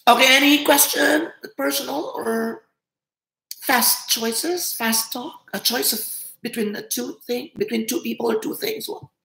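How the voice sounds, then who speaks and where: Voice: medium pitch, measured pace, gravelly, pushed and bright. A host in their fifties with a Filipino accent, chatting casually on a livestream and laughing often. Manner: chatty, laughs often, switches between English and Tagalog. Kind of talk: casual live chat. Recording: roomy echo.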